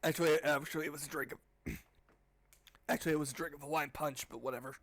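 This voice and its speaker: A man's voice: on the high side, fairly even intonation, fairly quick, fairly bright tone. A man with a nasal voice reading a children's book aloud, breaking off for sarcastic, profane asides. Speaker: audiobook reader. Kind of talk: casual reading with snarky commentary.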